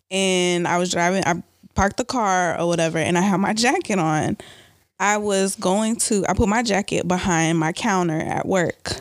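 Woman telling a story among friends, lively quoting of others, close dry sound. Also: medium pitch, no echo. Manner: animated storytelling, quoting people in raised voice. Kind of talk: casual chat.

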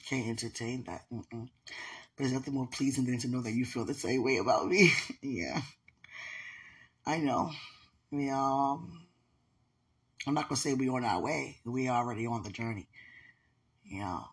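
A woman's voice: a bass voice, breathy edge. A woman in an intimate, casual call with her partner, affectionate and laughing often as she talks about faith.

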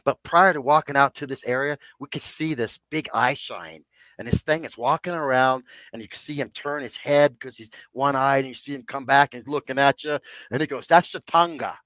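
A man's voice: mid-range voice, brisk, a bit bright, no room sound. A man in his sixties, a podcast guest, telling a personal story in a rambling way and calling his listeners "guys". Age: 60s.

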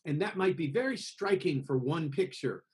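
American guy explaining singing tone, acts out little voices, slightly high voice. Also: normal speed. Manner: expressive, acts out voices to make points. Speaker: singing teacher being interviewed. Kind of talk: conversational interview over a call.

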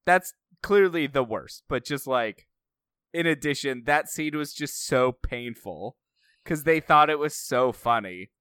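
A man with a smooth, clear voice speaks slowly and makes dry, wry remarks in a casual film chat. The sound is dry and close. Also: medium pitch, lively intonation, a bit bright, no room sound. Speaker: podcast co-host.

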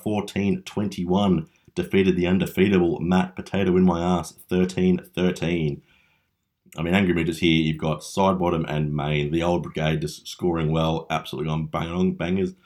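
A man's voice: low-pitched, level tone, moderate pace, darkish tone. A young Australian man hosting a casual fantasy league recap, chatty and teasing with mock-dramatic flair. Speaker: fantasy league podcast host.

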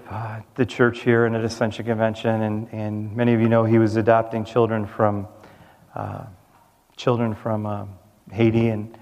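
A man's voice: medium pitch, darkish tone, long reverb tail. A man preaching a sermon as a pastor, earnest, repeating phrases and restarting his words.

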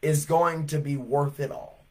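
Brief: male evangelist, high voice, revival sermon, animated, builds to shouts. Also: unhurried. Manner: animated storytelling, swelling to shouts.

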